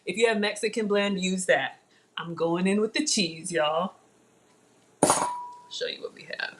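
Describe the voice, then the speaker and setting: A woman's voice: fairly low pitch, a little slow, slight background noise. A woman hosting a live cooking demo, chatting to her viewers while she cooks in a playful, self-teasing way. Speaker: cooking livestream host.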